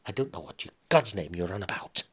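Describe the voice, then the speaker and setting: A man's voice: sits low, expressive, a little fast, a bit bright, breathy edge, heavily acted. Man voicing a distraught abandoned middle-aged wife. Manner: pleading, breathless, often dropping to a whisper.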